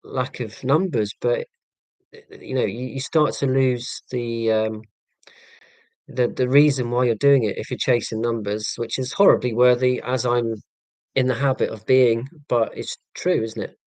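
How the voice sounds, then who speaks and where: Speaking a little slowly with fairly even intonation, this man has a mid-range, slightly mellow voice, captured in a dry, low-quality recording. He's in his forties, from England, with a southern Hampshire accent. On his live stream he chats with viewers casually, rambling sarcastically at his own expense and hesitating with many ums and restarts.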